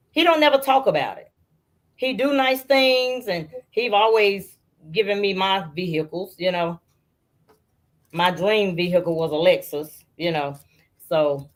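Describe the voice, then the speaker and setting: A middle-aged woman, a guest on an interview, telling family stories casually and acting out her relatives' voices. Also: on the low side. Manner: animated storyteller who acts out family members' voices.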